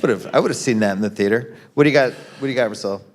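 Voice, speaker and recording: A man's voice: mid-range voice, quick pace. A man hosting a live podcast panel on stage, chatting casually, handing out mock awards and calling on his guests. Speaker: podcast host. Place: live stage in a concert venue.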